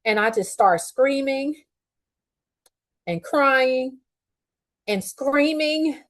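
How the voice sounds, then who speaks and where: A woman's voice: sits high, expressive, extremely slow. A middle-aged woman hosting a podcast, telling a personal story in a candid, profane and heated way, upset after a day of crying. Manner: candid, profane and heated, swinging between quiet fuming and loud outbursts. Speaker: podcast host.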